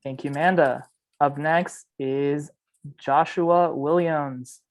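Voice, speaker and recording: Slow, steady game host. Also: medium pitch. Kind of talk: introducing contestants.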